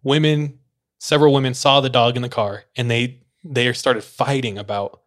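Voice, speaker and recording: A man spins a story in a relaxed, chatty way. His voice sits in a middle pitch, and he throws himself into the telling, acting out voices and breaking into laughs. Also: normal speed. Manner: animated, acts out quoted voices, laughs while telling. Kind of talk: casual storytelling.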